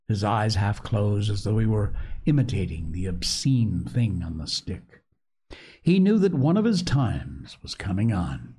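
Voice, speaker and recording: A man narrating a novel aloud in a measured, dramatic way. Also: low-pitched, a little mellow, husky. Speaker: audiobook narrator. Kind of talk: expressive novel reading.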